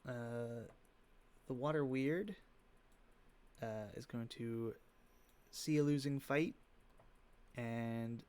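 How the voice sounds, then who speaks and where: A man running a tabletop game as game master, giving rulings and narrating the action in a relaxed way with frequent filler pauses. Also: mid-range voice, smooth.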